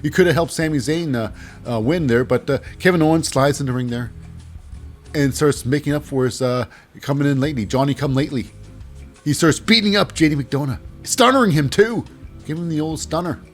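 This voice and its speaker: A man giving a casual wrestling recap, animated, with hesitant fillers and silly voices. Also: a little high, brisk, faint music behind.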